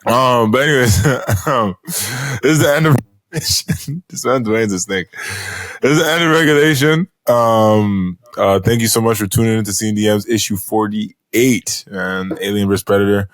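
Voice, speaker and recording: Male podcast co-host, low voice, relaxed filler-heavy banter, dry mic. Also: normal speed, no room sound. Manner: laid-back, many fillers. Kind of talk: casual chat.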